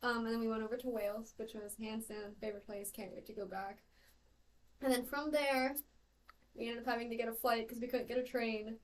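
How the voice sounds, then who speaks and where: A woman's voice: a little high, steady tone, a little fast, rough recording. A young woman in casual podcast chat, easygoing and telling stories plainly with small fillers. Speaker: podcast co-host.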